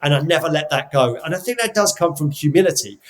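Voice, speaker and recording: A man's voice: a little high, expressive, fast, rough recording. A middle-aged man from England, a podcast guest, tells stories about his career in a reflective way, often restarting and repeating words as he thinks. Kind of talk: reflective storytelling.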